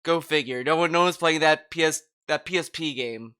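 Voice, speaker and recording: A man's voice: on the high side, normal speed, sharp tone, clear, resonant tone. A man co-hosting a podcast, chatting casually in a rambling way, full of fillers and restarts. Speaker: podcast co-host. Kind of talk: casual chat.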